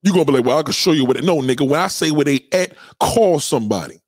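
A man hosting a podcast, ranting in profane commentary, loud and preachy, repeating himself. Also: on the high side, lively intonation, quick pace, breathy edge, no echo, clean studio sound.

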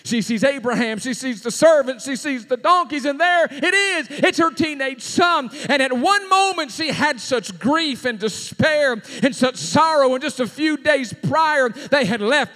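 Brief: male preacher, dramatic storytelling sermon, bright and very high, echoing sanctuary. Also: animated, a little slow, hardly any pauses. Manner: dramatic, swinging from shouting to near-whisper. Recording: long hall reverb.

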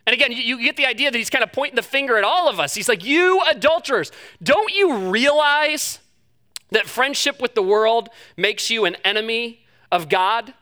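A male pastor delivers a sermon with a notably high-pitched voice. His tone is bright and forward, and he tells stories in an animated, self-deprecating way that carries into his teaching. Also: fast.

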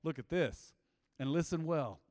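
A man's voice: on the high side, measured pace, darkish tone, long reverb tail. A man preaching a sermon as a pastor, emphatic and full of rhetorical questions.

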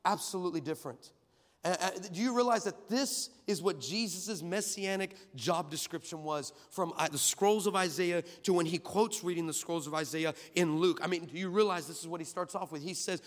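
High-voiced preacher in a reverberant hall. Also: male voice, brisk. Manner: animated storytelling with comic asides. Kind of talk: sermon.

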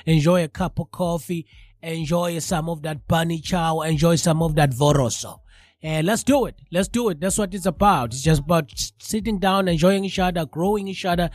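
A high-voiced man, stuffy and congested from a cold, hosts a live radio show in a dry recording. He chats casually and talks straight to his listeners.

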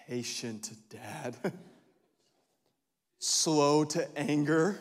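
Male pastor, 30s, high voice, animated sermon delivery in a reverberant church hall. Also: takes it slowly, pauses often, husky. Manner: animated, swings between loud exclamations and hushed asides, laughs often.

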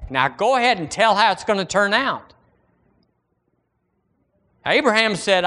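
A man's voice: sits high, sing-song, normal speed, pauses often, a bit bright. A male pastor with a Southern American accent preaching a sermon, reading scripture in a lifted, dramatic voice between folksy, conversational asides. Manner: reads scripture aloud in a lifted, dramatic voice between plain remarks.

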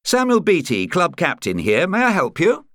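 Brisk, mildly irritated male club captain, voiced by a male reader, higher than his own voice. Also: wildly swooping pitch, a bit bright, no echo, studio quality, heavily acted. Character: busy middle-aged male chess club captain.

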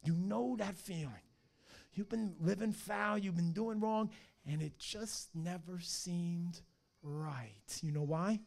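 A man preaching a fiery sermon as pastor, swinging from hushed lines to shouted ones. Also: high-pitched, takes it slowly, gravelly.

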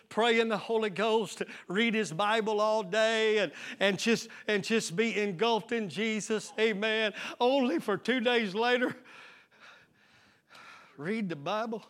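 High, bright-voiced pastor preaching. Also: male voice, fairly even intonation, measured pace, hardly any pauses. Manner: preaching with rising shouts and repeated amens. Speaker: lead pastor. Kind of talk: call-and-response sermon. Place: church sanctuary.

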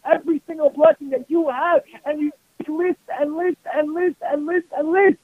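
A man with a very high voice delivers a passionate sermon as a rabbi, weaving Hebrew terms into his exhortations. He sounds squeezed and tinny, like a phone-line radio broadcast. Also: steady tone, moderate pace, no echo.

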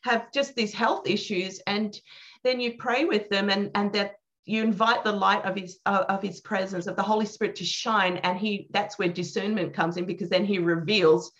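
A woman tells a prayer-ministry testimony as an animated, earnest storyteller in a mid-range voice. She acts out the lines she quotes. The recording sounds slightly dull and muffled. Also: medium pitch, moderate pace. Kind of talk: telling a personal ministry testimony.

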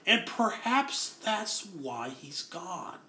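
High, bright-voiced man preaching. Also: very animated, drawn-out words, echoey room. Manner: earnest, explains Greek word by word. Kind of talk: expository sermon.

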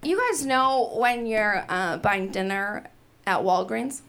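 A woman's voice: mid-range voice, slow, smooth. A woman hosting a stand-up comedy show on a club stage, telling stories with lots of laughter into a handheld mic. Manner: animated, laughing through her stories. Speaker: stand-up host.

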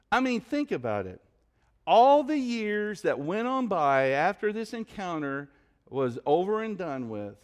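A pastor preaching a sermon, telling a story in an animated, conversational way. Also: male voice, sits high, measured pace.

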